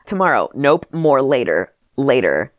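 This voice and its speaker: A man's voice: mid-range voice, big pitch swings, measured pace, no echo. A man co-hosting a podcast, reading his childhood writing aloud with wry comments and bursts of laughter. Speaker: podcast co-host.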